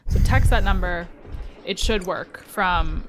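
A woman's voice: lowish voice, slow, over music. A woman singer hosting a casual fan video call, upbeat and friendly. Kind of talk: casual chat.

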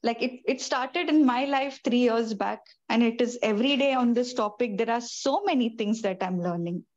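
A woman teacher with a fairly high voice leads a prayer group, affirming the speakers and building her points with repetition. Her voice comes through dull, lo-fi call audio. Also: normal speed, darkish tone. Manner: affirming, preaching cadence with repetition. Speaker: Bible teacher leading the group.

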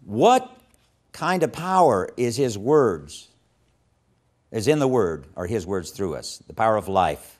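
A man teaching a session on evangelism in a sermon style, telling a story with strong emphasis and dropping to hushed tones when quoting. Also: lowish voice, sing-song, unhurried. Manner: impassioned, swings from loud emphasis to hushed quoting.

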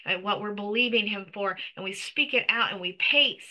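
A woman's voice: medium pitch, moderate pace, highs cut off. A middle-aged woman co-hosting a casual faith talk, supportive and explaining. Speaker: co-host.

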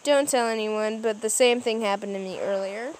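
A woman's voice: on the high side, normal speed, a little hiss or hum, lightly acted. A woman voicing an easygoing young male movie star who jokes in a friendly way, with music underneath.

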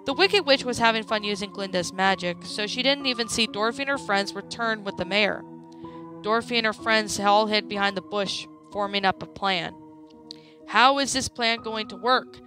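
A woman narrating a creepypasta story in a plain, steady reading voice. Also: medium pitch, fairly quick, music in the background.

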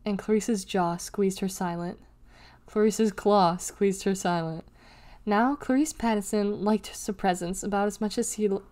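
A woman reading a children's novel aloud, acting out the dialogue with raised pitch, loud calls and whispers. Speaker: reader.

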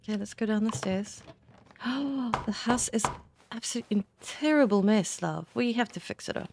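A woman's voice: a little high, normal speed, gravelly, a little mellow, slight background noise. A woman streamer giving casual, gushing commentary while playing a game, often exclaiming. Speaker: gaming streamer. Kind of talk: casual let's-play commentary. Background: faint game music.

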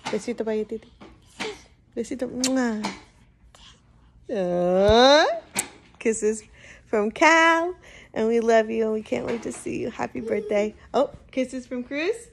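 A woman's voice: on the high side, slow pace, creaky, a little hiss or hum. A woman recording a birthday message as an aunt, speaking tenderly and coaxing her small children to join in. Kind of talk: casual home video message.

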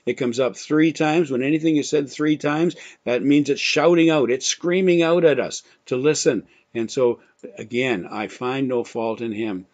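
A man with a mid-range, darkish voice teaches a Bible lesson sermon-style, emphatic and repeating key phrases as he quotes scripture with dramatic force. The recording is dull and lo-fi.

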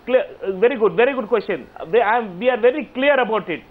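A man with an Indian English accent pushes his point on a political debate panel, repeating words and talking over the other guests. His voice sits high. It reaches us through a narrow, phone-like remote link. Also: expressive, quick pace. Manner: insistent, repeats himself, talks over others. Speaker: member of parliament, panelist. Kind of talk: heated televised political debate.

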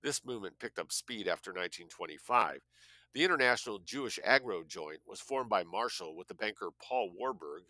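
A man's voice: low voice, bright, forceful tone, no room sound. A man reading a nonfiction book aloud, spelling out words letter by letter and adding blunt asides of his own. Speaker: audiobook reader.

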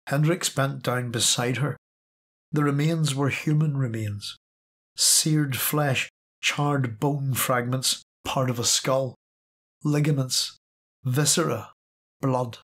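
A man reading science fiction aloud as an audiobook narrator, steady and measured. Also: medium pitch. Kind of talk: scripted narration.

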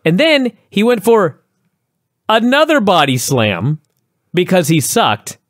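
A man co-hosting a wrestling review podcast, talking in an excitable, enthusiastic way and swearing freely. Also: high voice, takes it slowly, no echo, studio quality. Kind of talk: casual chat.

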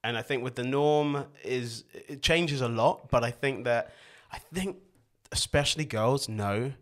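A man with a posh English accent, hosting a podcast in relaxed, chatty conversation. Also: medium pitch, measured pace. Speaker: podcast host.

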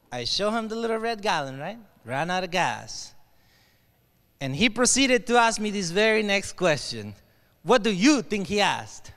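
A man with a Mexican Spanish accent, telling an animated story in a keynote speech, asking the crowd questions and slipping into Spanish. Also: very high voice, normal speed, smooth. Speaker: motivational keynote speaker. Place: large hall with an audience. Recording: long hall reverb.

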